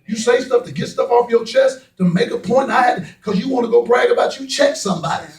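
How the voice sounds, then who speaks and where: A man's voice: very high-pitched, a little fast. A man preaching a sermon in a folksy, joking manner, recorded in a church. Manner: folksy preaching, playful asides. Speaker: pastor. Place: church sanctuary. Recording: echoey church, mic at a distance, congregation heard. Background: congregation responding.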